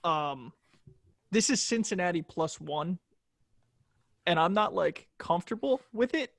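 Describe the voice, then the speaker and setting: A fairly high-voiced man talks through his betting pick in a loose, rambling way. He keeps stopping to say um and restart his sentences. The mic sounds dry and close, with no room around him. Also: lively intonation, a little slow, gravelly, a bit bright, no room sound. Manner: rambling, lots of ums and restarts. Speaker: podcast co-host. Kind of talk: casual sports betting chat.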